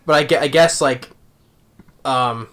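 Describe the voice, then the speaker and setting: A man's voice: mid-range voice, a little slow, a bit bright. A man casually recapping an anime episode, rambling with many restarts and fillers. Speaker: anime reviewer.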